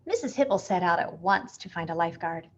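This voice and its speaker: A woman reading a picture book aloud with expressive, animated storytelling. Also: fairly low pitch, brisk, dull audio.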